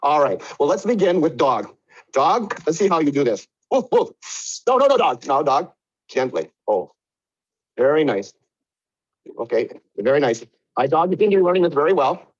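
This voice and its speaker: A man's voice: fairly high pitch, sing-song, normal speed. A man doing a pompous factory boss. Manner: condescending, over-explaining. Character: pompous male factory manager bossing workers. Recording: muffled lo-fi audio.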